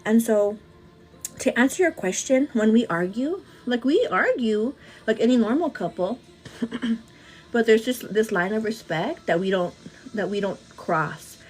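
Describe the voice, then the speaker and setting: Applying makeup on a livestream, a thirtysomething vlogger answers live chat in a friendly, candid, meandering way. Her voice sits on the high side and is expressive, peppered with "girl" and rapid asides.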